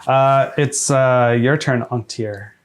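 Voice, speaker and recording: A man running a tabletop game as game master, hesitant with many fillers and quick to laugh. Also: medium pitch, fairly even intonation, noisy background.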